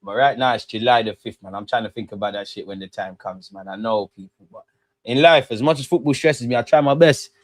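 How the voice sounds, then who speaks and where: A young man chatting loosely on his football live stream, heavy with slang and the odd swear word. He sits at a middle pitch. His voice comes dry and close to the mic. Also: brisk, no echo. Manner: slangy, swears freely, mocks comments in high squeaky voices. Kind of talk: casual live-stream chat reading viewer comments.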